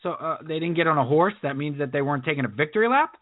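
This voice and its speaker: A man co-hosting a casual sports podcast, animated and jokey, often slipping into impressions. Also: a little high, fast talker, no echo. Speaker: podcast co-host. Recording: dry tinny phone-like sound.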